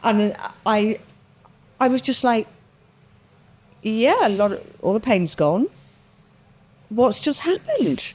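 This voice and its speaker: A woman, a podcast guest, telling a personal story in a lively, expressive way, acting out the quotes and swearing casually. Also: a little high, takes it slowly, long pauses.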